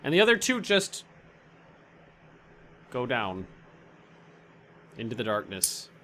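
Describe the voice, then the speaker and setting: Male game master, bright tone, meandering delivery, faint room hum. Mid pitch. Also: wildly swooping pitch, slow. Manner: rambling, restarts often, searches for words. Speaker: dungeon master. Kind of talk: narrating a tabletop game.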